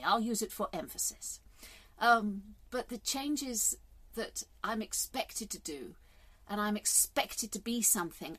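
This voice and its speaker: A woman's voice: mid-range voice, a little slow, fairly bright tone, breathy edge. A woman, talking candidly and rambling a little in a casual vlog monologue, with the odd swear word for emphasis. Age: 50s. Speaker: vlogger.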